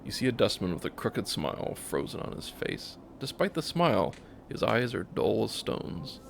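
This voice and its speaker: A man narrating a game, reading its text aloud in a calm, steady way. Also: on the low side, moderate pace, creaky, a little hiss or hum. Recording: faint music behind.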